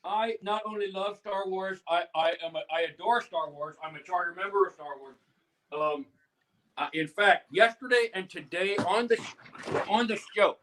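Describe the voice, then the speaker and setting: A man's voice: high voice, normal speed, noisy background. A man from the Midwestern United States, a guest on a playful live-stream chat, speaking in a mock-earnest way.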